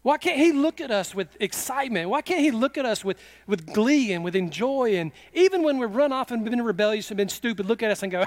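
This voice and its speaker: A middle-aged man preaching a sermon with fervor, slipping into quick acted quotes. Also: high-pitched. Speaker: pastor.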